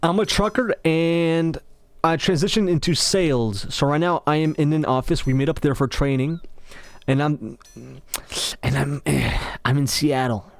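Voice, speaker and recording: A man's voice: on the high side, measured pace, dry recording. A man commentating over gameplay, telling a rambling, mocking story with stumbling restarts into a close mic. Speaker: game commentator.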